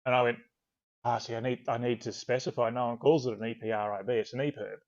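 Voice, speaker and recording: A man's voice: medium pitch, fast. An Australian man chats loosely and at length, circling back on his own sentences as he tells a story. His voice sits mid-range and comes through a dull, lo-fi call line. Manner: relaxed, rambling storyteller, swears casually. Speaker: author guest. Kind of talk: casual interview chat. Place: video call.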